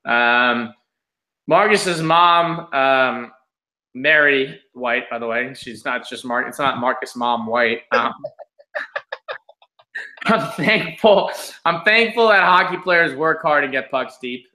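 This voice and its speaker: A young man co-hosting a hockey podcast, chatting casually with animated, sarcastic rants. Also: mid-range voice, slow. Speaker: podcast co-host. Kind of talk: casual chat.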